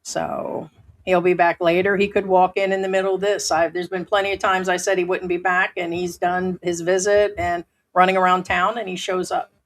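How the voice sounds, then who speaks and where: A woman's voice: on the low side, little pitch movement, normal speed. A woman hosting a casual live stream from home, talking bluntly and swearing freely as she reads viewer comments.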